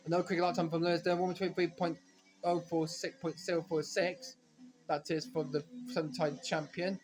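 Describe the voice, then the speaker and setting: A man giving rambling, self-correcting commentary while playing a racing game, now and then breaking into frustrated shouts. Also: on the high side, level tone, a little fast, over music. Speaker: gaming commentator. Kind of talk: casual let's-play commentary.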